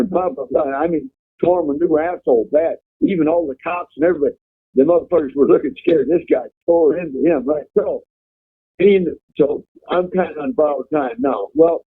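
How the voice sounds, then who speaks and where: Male guest, slightly high and raspy, swears freely and rambles, heard over a phone line. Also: animated, normal speed. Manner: profane, rambling. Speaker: guest telling prison stories. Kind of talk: casual storytelling.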